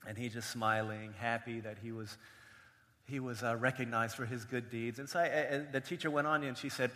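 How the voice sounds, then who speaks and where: A man's voice: mid-range voice, steady tone, normal speed, bright, forceful tone, long reverb tail. A man preaching a sermon, telling a family story with playful quoted voices. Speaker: pastor.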